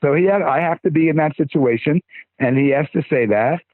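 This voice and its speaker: Telling casual stories as a podcast guest, an older man rambles, stammers and keeps restarting his sentences. His husky voice is a little high and brisk, in a dry recording over a tinny phone-like line.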